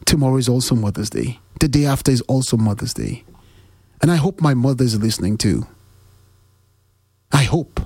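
Husky man giving a preachy monologue. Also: moderate pace, long pauses, mellow, no room sound, clean studio sound. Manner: preachy, repeats questions, swings pitch up for emphasis. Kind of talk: heartfelt motivational monologue.

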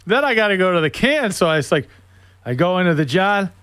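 A middle-aged man hosting a show, telling a comic story in an animated way and laughing through it. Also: high-pitched, a little fast, slight background noise.

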